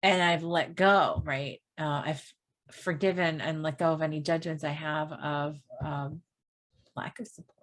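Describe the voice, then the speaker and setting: Low-voiced woman teaching a spiritual course. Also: fairly even intonation, measured pace. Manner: casual, meandering, with frequent "right?" and "you know". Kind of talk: spiritual self-help course talk.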